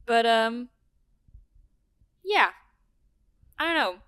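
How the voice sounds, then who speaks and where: A woman's voice: fairly high pitch, big pitch swings, extremely slow, a bit bright, clear, resonant tone. A young woman from Texas co-hosting a podcast, chatting casually and animatedly, swearing and laughing often. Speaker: podcast co-host. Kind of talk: casual chat.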